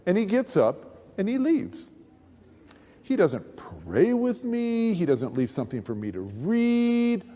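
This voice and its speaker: A man pastor telling his testimony in a sermon, as an animated, humorous storyteller. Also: high-pitched, slow. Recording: long hall reverb.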